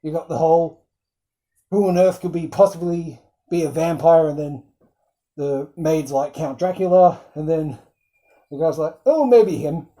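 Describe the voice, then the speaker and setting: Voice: medium pitch, level tone, unhurried, long pauses, warm tone, poor audio. A film reviewer recapping scenes in casual chat, rambling with frequent ums and acting out quoted lines in bursts.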